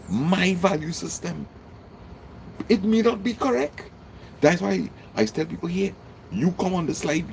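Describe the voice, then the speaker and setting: A man with a Trinidadian accent giving a casual motivational talk, emphatic and repeating his points, his voice jumping high when he makes them. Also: gravelly, a little mellow, slight background noise. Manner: emphatic, repeats lines for effect, jumps high in pitch. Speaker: vlogger.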